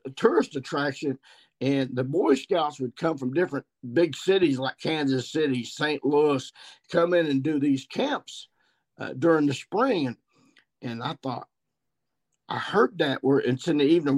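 Folksy Ozarks man in his sixties. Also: medium pitch. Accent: Ozarks Missouri. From Missouri. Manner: folksy, rambling country storyteller. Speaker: guest turkey hunter. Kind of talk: podcast storytelling.

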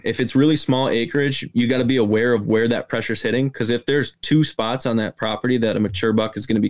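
A man's voice: medium pitch, a little mellow. A man, a guest hunter in a casual podcast interview, explaining his approach step by step.

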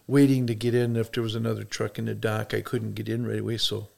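Rich: A middle-aged man from Michigan with a very gravelly, creaky voice that sits low. He talks in a folksy, rambling way, filling his stories with "uh" and restarts, like a relaxed podcast guest. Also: fast talker. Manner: folksy, rambling, many fillers. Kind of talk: casual storytelling chat.

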